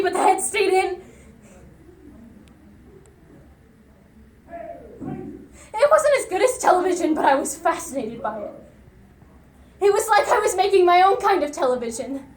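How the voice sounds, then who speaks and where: In an echoey room, a young speech competitor voices an unhinged loner who grew up on television, with an eerie calm running through her monologue. She shifts abruptly between quiet murmurs and shrill outbursts.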